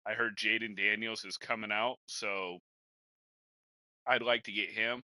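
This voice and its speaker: A man's voice: lowish voice, fairly even intonation, measured pace, pushed and bright, no room sound, low-quality recording. A young man hosting a podcast, chatting in a laid-back, rambling way and calling his cohost bro and man. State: has the hiccups. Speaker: podcast host and Madden gamer. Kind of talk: casual podcast chat.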